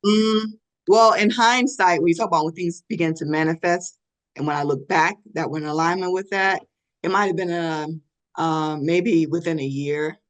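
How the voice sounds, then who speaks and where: A middle-aged woman telling a personal story in a podcast interview, earnest, with many fillers and soft laughs. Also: on the low side, normal speed.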